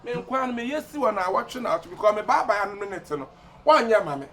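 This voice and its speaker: Ghanaian guy, really high voice, swings up and down a lot, loud and laughing, music going behind. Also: fast, noisy background. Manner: loud, animated, bursts into laughter. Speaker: comedy skit actor. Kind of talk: comic skit in Twi and Pidgin.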